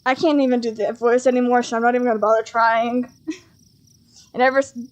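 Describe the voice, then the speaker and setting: A woman reading a dating game's text aloud as she plays, excitable and quick to laugh, with mock outrage. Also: on the high side. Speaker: gaming streamer. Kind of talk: let's play commentary, reading game text aloud.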